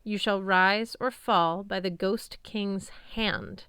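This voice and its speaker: A woman's voice: mid-range voice, steady tone, slow, sharp tone, smooth, no room sound. A woman voicing a serious, frightened teenage girl who speaks hesitantly and solemnly.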